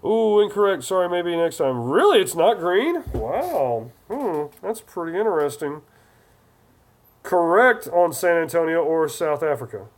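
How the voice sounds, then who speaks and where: A man's voice: on the high side, big pitch swings, unhurried. A man hosting a casual live stream, chatty and jokey as he reads viewer comments aloud.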